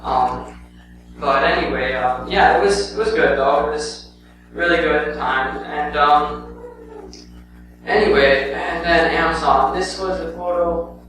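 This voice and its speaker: Over music, a young man with a fairly high voice takes his time reporting on his church mission trip to the congregation. His casual talk rambles with many "um"s and "anyway"s, heard from far off in a very echoey sanctuary with a distinct hum.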